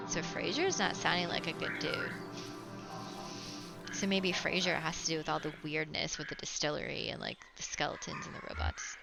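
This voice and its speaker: Giggly woman streamer, low voice. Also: moderate pace, creaky. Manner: chatty, giggly, animated about pets. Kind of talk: casual game commentary and reading game text aloud. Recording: dull lo-fi stream audio with music.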